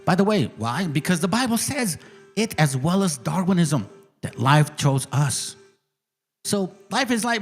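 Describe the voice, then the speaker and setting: A man's voice: fairly high pitch, sing-song, normal speed, gravelly, faint music behind. A man hosting his channel with heated, profane, mocking commentary on clips. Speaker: channel host.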